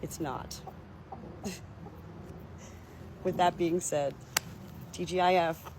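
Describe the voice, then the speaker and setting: A woman's voice: on the low side, very animated, slow pace, pauses often. A woman chatting casually on a phone livestream outdoors by her chicken coop, laughing often. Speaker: backyard chicken keeper. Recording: outdoor phone audio with clear chicken noise.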